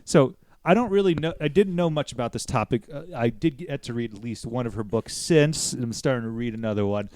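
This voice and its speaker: A man's voice: medium pitch, fairly quick, hardly any pauses, a little mellow, dry recording. A man from the United States hosting a podcast, chatting casually and rambling with jokes and the odd swear word. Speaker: podcast host.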